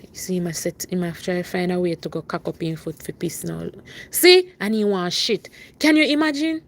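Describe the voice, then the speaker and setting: A young adult woman, chatting casually on a live stream and loudly urging her dog along between asides. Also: on the low side, moderate pace.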